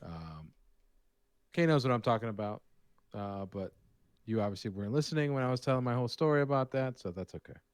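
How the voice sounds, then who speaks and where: A man co-hosting a live painting stream, chatting casually and telling rambling, animated stories. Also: medium pitch, a little fast, dry recording. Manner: rambling, animated storytelling with restarts. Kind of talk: casual chat.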